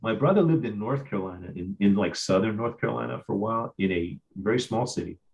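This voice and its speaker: A man's voice: lowish voice, fast talker, creaky, darkish tone, lo-fi sound. A man with a Midwestern accent hosting an interview, chatty and telling stories with frequent stammers and repeats. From Ohio. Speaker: host. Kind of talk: casual interview chat.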